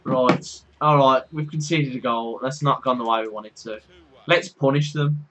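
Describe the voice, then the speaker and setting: A young man with a Birmingham accent giving excitable, casual commentary on his football game, shouting and laughing when goals go in. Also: medium pitch, normal speed, slight background noise. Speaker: gaming YouTuber.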